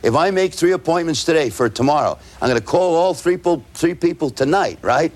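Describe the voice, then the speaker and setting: A man's voice: a little high, lively intonation, a little mellow. A man teaching salespeople, walking through his method point by point and tagging his points with "right?". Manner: tags points with rhetorical "right?"; spells out words slowly. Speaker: sales trainer. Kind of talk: lecture to salespeople.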